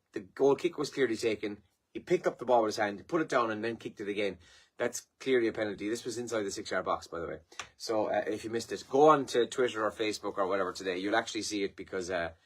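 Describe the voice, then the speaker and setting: A man's voice: fairly low pitch, fast, slightly rough. An Irish man hosting a live morning show, chatting casually through the papers and sport with lots of fillers, tired and yawning. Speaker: radio host. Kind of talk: casual newspaper review and chat.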